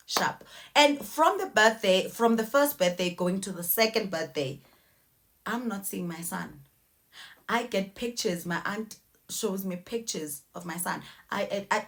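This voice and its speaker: A young woman telling a personal story in a casual, animated way. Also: medium pitch, slight background noise. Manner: animated, acts out voices.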